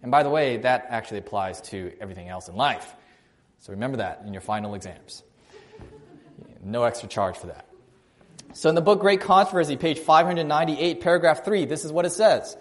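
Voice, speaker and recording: A man preaching a sermon, telling a personal story in a conversational way and shifting his loudness and pace for emphasis. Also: medium pitch, expressive, brisk.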